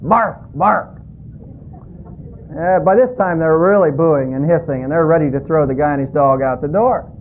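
A male pastor preaching a sermon in a folksy, hesitant way with frequent fillers. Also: fairly quick. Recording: tinny phone-like line, faint rumble.

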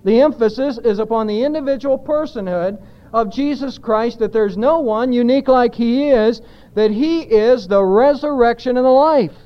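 A man delivers a sermon with a notably high voice, pressing his points with emphasis. He throws rhetorical questions out to the congregation. The recording is muffled and lo-fi, with its highs dulled. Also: moderate pace. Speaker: pastor. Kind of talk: expository sermon.

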